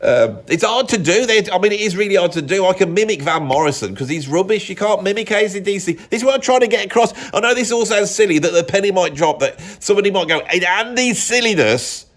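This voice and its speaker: A man's voice: high-pitched, expressive, fast, few pauses. Rambling, opinionated English man. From England. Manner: rambling, self-interrupting, opinionated. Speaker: music commentator. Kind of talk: casual rambling monologue.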